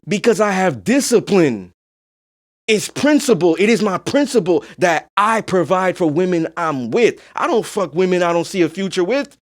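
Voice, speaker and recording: A high-pitched man hosts a podcast, delivering a casual monologue. He's blunt and emphatic, swears without restraint, and keeps checking in with "you know what I'm saying."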